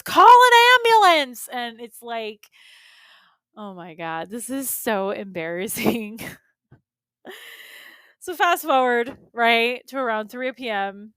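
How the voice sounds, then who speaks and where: A woman's voice: on the high side, fairly bright tone, clean tone, no room sound. A middle-aged woman hosting her own podcast, casually and animatedly telling a personal story with lots of fillers and asides. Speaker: podcast host and beauty business coach.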